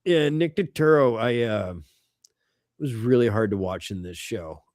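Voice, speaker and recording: Casting: middle-aged male podcast co-host, lively swings in pitch, dry close sound. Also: a little slow, no echo. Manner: animated, swearing, laughs often. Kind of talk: casual chat.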